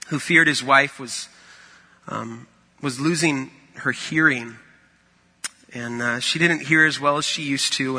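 A man's voice: medium pitch, bright, forceful tone, big-room sound. A man preaching a sermon in a conversational, storytelling way. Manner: conversational, storytelling with acted-out quotes.

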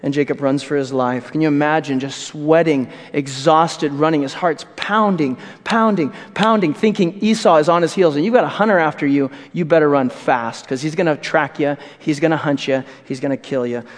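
A man's voice: a little high, normal speed, hardly any pauses. A man preaching a sermon, retelling a scripture story vividly with asides. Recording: echoey hall with long reverb.

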